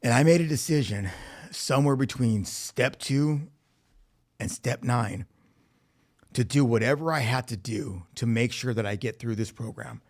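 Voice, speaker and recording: A man's voice: medium pitch, moderate pace. A man telling his recovery story at a meeting, speaking candidly with swearing and acting out quoted dialogue. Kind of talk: personal testimony. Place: recovery facility meeting room.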